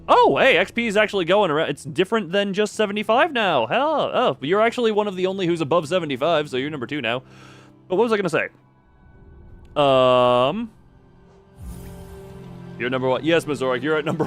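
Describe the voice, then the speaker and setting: A man streams a game and casually rambles to his chat, often cutting himself off mid-sentence and talking both to viewers and to himself. His voice is a little high, expressive, and fairly bright, at a moderate pace, with faint music behind.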